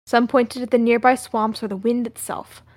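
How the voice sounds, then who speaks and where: A woman co-hosting a podcast, playful and quick to laugh, reading a narrated script aloud. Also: on the high side, steady tone, a little mellow, dry recording, studio quality. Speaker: podcast co-host and reader.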